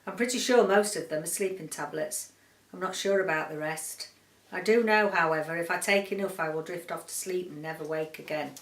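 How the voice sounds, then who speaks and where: A woman book vlogger from the UK reading a short story aloud in a quiet, measured, subdued way. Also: lowish voice, far from the mic. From United Kingdom. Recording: roomy echo, voice set back from the mic.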